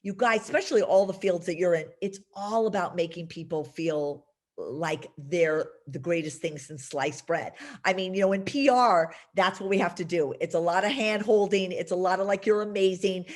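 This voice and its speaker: A woman's voice: on the low side, moderate pace. A woman teaching a class as a career coach, emphatic and chatty, speaking straight to her students.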